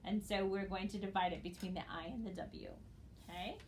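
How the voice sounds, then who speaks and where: A woman teaching a recorded phonics lesson, speaking patiently and encouragingly and spelling out letters slowly for her students. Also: medium pitch, slight background noise. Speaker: reading teacher.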